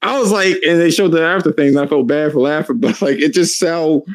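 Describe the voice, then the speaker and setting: A man co-hosting a podcast, chatting casually with profane, animated storytelling and frequent laughter. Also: on the high side, brisk, no echo. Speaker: podcast co-host. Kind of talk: casual chat.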